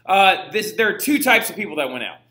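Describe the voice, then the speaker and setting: A man's voice: high-pitched, very animated, fairly quick, bright, forceful tone. A young male history teacher giving a casual, chatty lecture, often checking in with "right?". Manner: chatty, slangy, frequent "right?". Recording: echoey room.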